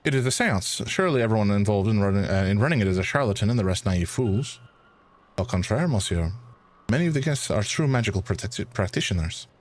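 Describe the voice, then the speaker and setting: A man's voice: lowish voice, animated. A man voicing a suave, courteous French male academic who exposes fraud, with a put-on French accent. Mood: measured. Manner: measured, courteous, slightly haughty.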